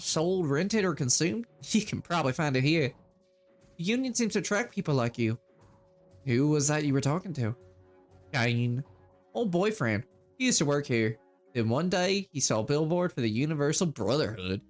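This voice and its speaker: A man's voice: a little high, pitched above the performer's own voice, natural voice. A man voicing a sly young elf barmaid in a faux Southern drawl, reading game text in character. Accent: faux Southern American.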